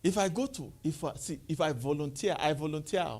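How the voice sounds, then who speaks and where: A man giving a lively motivational talk to a live audience, calling out questions and having the crowd answer. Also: fairly quick. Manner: call-and-response, rising to high exclaims. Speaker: motivational speaker.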